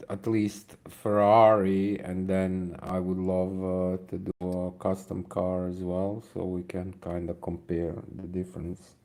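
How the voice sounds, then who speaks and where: A man's voice: sits low, vocal fry. A young man with a Dutch accent, speaking English as a second language, casually commenting on his mobile racing game while tired and yawning. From Netherlands. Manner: relaxed, thinking aloud to viewers.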